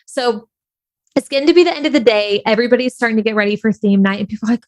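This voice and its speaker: A woman's voice: fairly high pitch, rapid-fire, dry recording. Chatty candid woman telling a story. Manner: chatty and candid, heavy on fillers like "like". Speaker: online creator. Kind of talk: casual personal storytelling.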